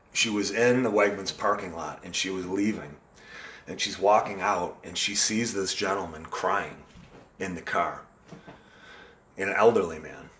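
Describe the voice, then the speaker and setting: A man's voice: deep voice, fairly bright tone, slight background noise. A man hosting a casual live video chat, talking in an earnest, rambling way with frequent restarts. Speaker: live-stream host.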